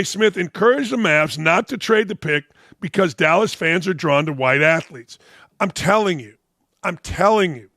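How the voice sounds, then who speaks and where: A man's voice: high voice, creaky, pushed and bright, no room sound, studio quality. A man in his sixties from Northwest Indiana hosting a sports commentary show, blunt, combative and profane, a little under the weather. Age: 60s. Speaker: host.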